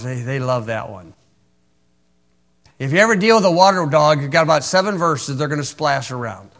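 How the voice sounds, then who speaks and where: A man's voice: on the high side, a bit bright. A man preaching a sermon in a folksy, wry way, reciting old-style scripture and poking fun at opponents.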